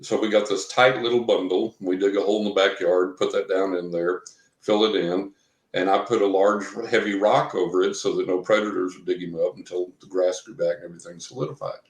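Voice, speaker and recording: Male interview guest, low-ish voice, loose storyteller, roomy echo. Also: steady tone, brisk. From Texas. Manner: rambling storyteller, acts out quotes. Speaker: guest, professional psychic reader. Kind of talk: telling a personal story in an interview.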